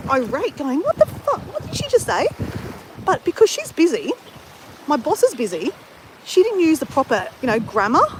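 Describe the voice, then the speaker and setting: A woman's voice: high-pitched, background noise. Blunt, swearing woman vlogger. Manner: blunt, candid, swears freely. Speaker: travel vlogger. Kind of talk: casual chat to camera.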